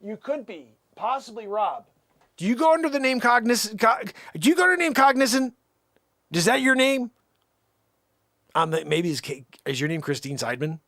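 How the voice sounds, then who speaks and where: A man's voice: high voice, very animated, moderate pace, sharp tone, no room sound, clean studio sound. A young man hosting a livestream, doing a rambling, mock-indignant one-sided phone call bit. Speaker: livestream host.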